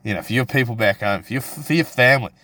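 A man's voice: medium pitch, fast, pushed and bright, no room sound. A young man with a New Zealand accent hosting a solo podcast, ranting in a crude, profane, provocative way with lots of restarts. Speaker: podcast host. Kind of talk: casual solo podcast rant.

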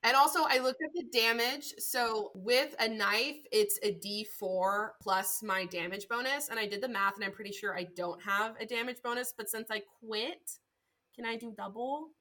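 A woman's voice: a little high, normal speed, few pauses, sharp tone. A woman player in a tabletop role-play game, speaking fiercely in character as a mother and swearing freely.

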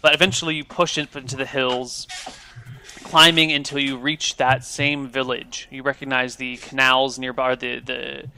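Man, game master, bright tense voice, loose improvised narration, tabletop game. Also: medium pitch, little pitch movement, moderate pace, slight background noise.

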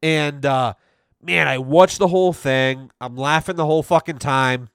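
Profane, rambling young podcast host. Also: male voice, fairly high pitch, a little slow, a bit bright, clear, resonant tone, dry recording, studio quality. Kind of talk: casual chat.

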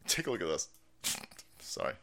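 A man's voice: normal speed, a bit bright. A hungover man hosting a stream, ranting in profane, combative and sarcastic political commentary. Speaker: streamer host.

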